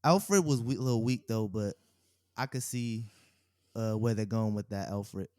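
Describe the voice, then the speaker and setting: A young man co-hosting a podcast, chatting casually and telling animated stories with laughs mixed in. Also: on the low side, normal speed, clean tone, no room sound, clean studio sound. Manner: animated storyteller, laughs mid-sentence. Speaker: podcast co-host. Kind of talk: casual chat.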